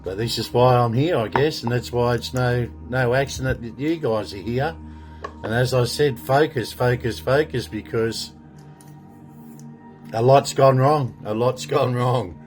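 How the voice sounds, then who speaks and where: A man's voice: mid-range voice, a little slow, soft background music. A middle-aged Australian man ranting indignantly in a rambling monologue, with frequent swearing. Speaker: political commentator. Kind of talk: monologue to camera.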